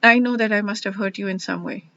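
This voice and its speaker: A woman hosting her own verse-by-verse study, talking earnestly and haltingly with many restarts as she reflects and explains. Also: mid-range voice, a bit bright. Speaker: host studying scripture one verse a day. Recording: dull lo-fi sound.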